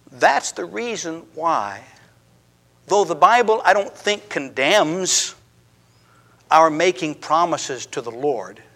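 A high-pitched male preacher delivering a sermon with earnest emphasis. He circles back over his phrases, restarting them as he builds a point, then sinks into a low, quiet hush to drive it home. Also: gravelly, in a large hall.

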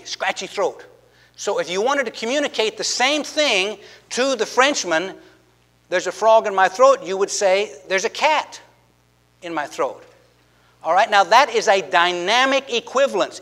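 A man with a high voice preaches a sermon in a church. He teaches earnestly, often repeating words and asking questions of his listeners. The sound carries a long hall echo. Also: fairly bright tone. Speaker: pastor.

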